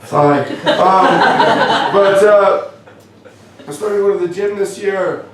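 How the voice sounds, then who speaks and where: A man's voice: high-pitched, recorded from a distance. Canadian man doing wry stand-up. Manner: wry, self-deprecating, halting with many fillers. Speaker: stand-up comedian. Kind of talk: stand-up comedy set. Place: comedy club. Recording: echoey club, voice from afar, faint room noise.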